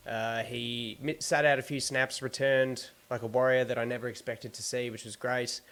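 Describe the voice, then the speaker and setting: A man's voice: medium pitch, flat delivery, moderate pace, fairly bright tone. A man with an Australian accent hosting a casual sports podcast, running through team news in an easygoing way. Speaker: podcast host.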